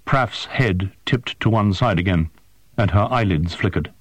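A man narrating a science-fiction story in a measured, expressive way. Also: lowish voice, no echo. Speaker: audiobook narrator. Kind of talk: scripted narration.

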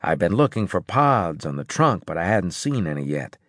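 A man reading a first-person science fiction audiobook in a gruff, clipped way. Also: sits low, very animated, moderate pace, fairly bright tone, no room sound, clean studio sound. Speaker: audiobook narrator.

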